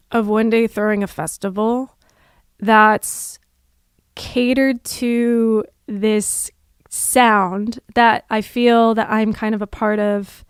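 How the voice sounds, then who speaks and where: A young adult woman, a musician, chatting casually and reflectively on a livestream, with frequent fillers and soft laughs. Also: fairly high pitch, clean tone, dry recording, studio quality.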